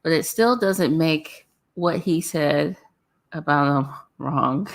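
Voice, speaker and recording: A woman with a notably low voice hosts a loose, casual livestream chat and answers her viewers' comments. She talks in an animated way, breaks into laughter often and repeats phrases for effect. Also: takes it slowly.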